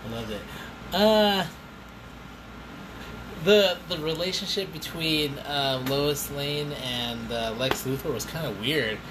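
A man's voice: a little high, takes it slowly, noisy background. A man hosting a casual podcast chat, joking around loosely and swearing freely.

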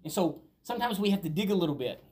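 A man's voice: fairly high pitch, lively intonation, fast, warm tone. A man preaching a sermon as a pastor, talking conversationally and telling stories, building to emphatic peaks.

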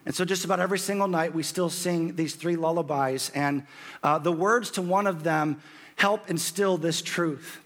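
A hoarse man in his thirties preaching a sermon, his voice sitting a little high for a man. He climbs higher and louder when he reads scripture aloud. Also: normal speed. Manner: rises in pitch and volume when quoting scripture. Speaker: pastor.

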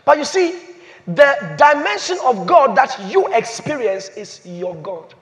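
A man preaching a sermon as pastor, repeating phrases and swinging from loud declarations to hushed, slow emphasis. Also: very high-pitched, sing-song. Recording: long hall reverb.

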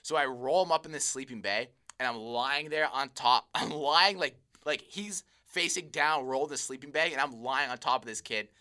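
Bright-voiced storytelling man. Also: mid-range voice, moderate pace, hardly any pauses, clean tone. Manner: animated storyteller, swears freely, acts out quotes. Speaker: podcast co-host. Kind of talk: casual chat.

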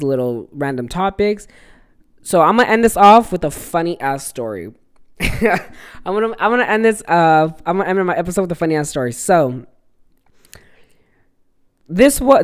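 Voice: medium pitch, smooth. Young adult podcast host, casual solo chat, rambling, cursing, laughing storyteller.

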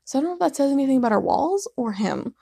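A woman's voice: high voice, sing-song, racing, gravelly, dark tone, no echo, studio quality. A young woman hosting a casual solo podcast from her living room late at night, sleepy and yawning, rambling and apologetic, laughing often. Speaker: podcast host.

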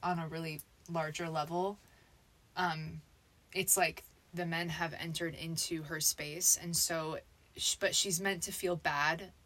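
A woman's voice: deep voice, fairly even intonation, measured pace, a bit bright. A young woman co-hosting a podcast in casual chat, earnest and agreeable, often restarting her sentences. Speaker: podcast co-host.

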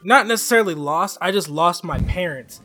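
A young man in casual chat, telling stories in an animated, excitable way. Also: high voice, brisk, over loud music.

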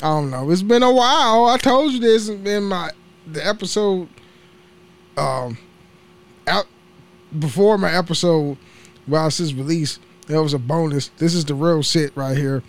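A young man with a notably high voice talks through his solo podcast in loose, casual chat. He rambles from topic to topic, swears freely and laughs at his own slips of the tongue. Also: a little slow, pauses often. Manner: rambling, profane, laughs at himself. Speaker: podcast host.

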